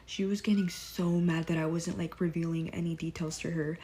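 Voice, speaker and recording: A woman's voice: fairly low pitch, moderate pace. A young woman telling a story in a casual vlog, blunt and profane, acting out quotes as she goes. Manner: blunt, profane, animated retelling with quoted asides. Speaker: vlogger.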